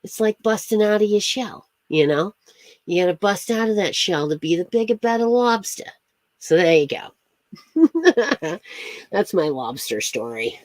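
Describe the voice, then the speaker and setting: A woman's voice: mid-range voice, very animated, a little slow, no echo. A woman chatting casually on a livestream, rambling from story to story, laughing often and greeting viewers by name. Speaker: astrology streamer.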